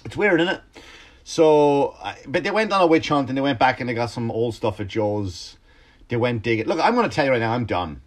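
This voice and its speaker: A man ranting at ordinary pitch in a casual podcast monologue. He is a comedian who swears freely and restarts his sentences as he goes, and the whole thing stays animated. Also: a little fast.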